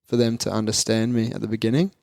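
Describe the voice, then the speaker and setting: Australian man, twenties, rambly interview guest; low and monotone, dry studio sound. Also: quick pace, creaky, no room sound. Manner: rambling, frequent fillers and restarts. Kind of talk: casual interview chat.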